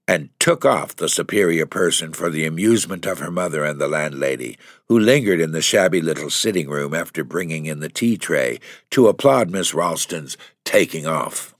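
A low-voiced man narrates a classic novel in a measured, even style. His delivery is close and dry, with no room sound. It suits a steady audiobook reading. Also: dry recording. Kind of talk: scripted narration.

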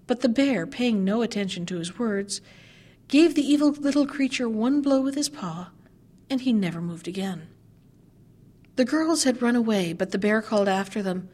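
A woman's voice: a little high, animated, moderate pace, darkish tone. Woman reading a fairy tale aloud. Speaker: storyteller.

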